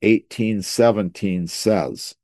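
A man's voice: fairly low pitch, slow pace, a little mellow, dry recording. A man preaching a sermon that teaches through scripture. He often stops and repeats words as he builds toward each point.

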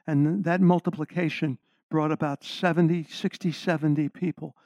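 A man's voice: a little high, fairly even intonation, normal speed, a little mellow, dry recording. A middle-aged man preaching a sermon, stressing key words and putting questions to the congregation. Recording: slightly dull lo-fi sound.

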